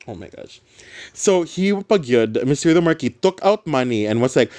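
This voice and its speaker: A man's voice: medium pitch, expressive, normal speed, a little mellow. Man explaining a novel chapter. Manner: mixes Cebuano words into casual English explanation. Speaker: literature teacher. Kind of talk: reading aloud and explaining a novel.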